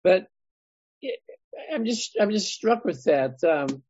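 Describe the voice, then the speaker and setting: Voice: medium pitch, lively intonation, takes it slowly, darkish tone, breathy edge, dry recording, muffled recording. A Bible study leader reading scripture to a group, thinking aloud and asking the group for their thoughts.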